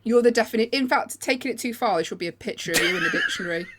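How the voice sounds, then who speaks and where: A woman co-hosting a podcast, chatting in a quick, reactive way. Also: a little high, lively intonation, heavy background noise. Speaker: podcast co-host. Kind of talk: casual chat.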